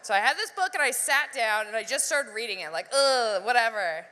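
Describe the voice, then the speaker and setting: A woman performing live stand-up comedy, animated, acting out voices and laughing often. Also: a little high, a little fast, big-room sound.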